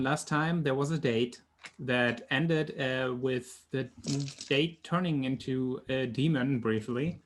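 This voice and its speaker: Halting, apologetic person. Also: mid-range voice, fairly bright tone, a little hiss or hum. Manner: halting, many fillers, apologetic. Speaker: game master of another game. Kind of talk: casual chat among players.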